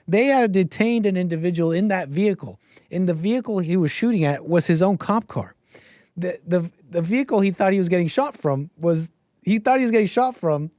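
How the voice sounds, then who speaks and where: A man's voice: on the high side, darkish tone, dry recording, studio quality. A man hosting a casual commentary livestream, sarcastic and often laughing. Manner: sarcastic, keeps breaking into laughter. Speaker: livestream host.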